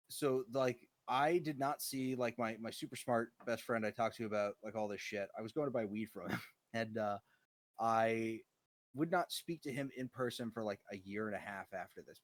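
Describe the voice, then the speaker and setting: A young man chats casually and rambles through profane anecdotes, swinging from loud to mumbled. His voice sits at an ordinary pitch and is recorded dry and close. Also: no room sound. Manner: profane, rambling, animated storytelling. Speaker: co-host. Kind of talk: casual chat.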